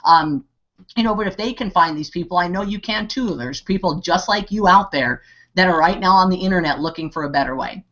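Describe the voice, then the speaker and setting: A man's voice: sits high, a little fast, pushed and bright. Rambling, pep-talking man on a lo-fi call. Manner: rambling, heavy on 'you know' and fillers, restarts. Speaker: network marketing team leader. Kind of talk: motivational talk on an online hangout.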